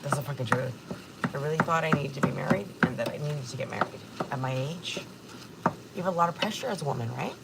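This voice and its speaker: A woman's voice: deep voice, quick pace, heavy background noise. A woman in her forties hosting a casual livestream from her kitchen, talking candidly and emotionally and swearing freely, close to tears. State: tearful. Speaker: livestream host. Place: home kitchen.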